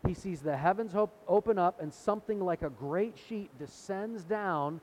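A man's voice: sits high, moderate pace, darkish tone. A middle-aged man preaching a sermon in a conversational way, retelling scripture and acting out the quotes. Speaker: pastor.

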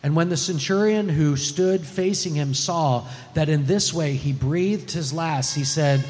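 A man giving a measured, solemn scripture reading during a church service. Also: on the high side, a little mellow, in a large hall, slight background noise. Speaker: scripture reader.

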